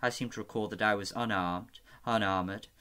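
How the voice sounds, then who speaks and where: A soft-spoken eunuch spymaster, read by a man in a fantasy audiobook. Courteous and wry, he sounds smooth and unhurried, sitting a little low in pitch. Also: steady tone. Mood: sly.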